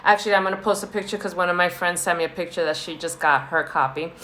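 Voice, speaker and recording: A woman's voice: lowish voice, fairly even intonation, quick pace, sharp tone, a little hiss or hum. A woman speaking as a wellness coach, giving an earnest motivational talk to her viewers and repeating key phrases for emphasis.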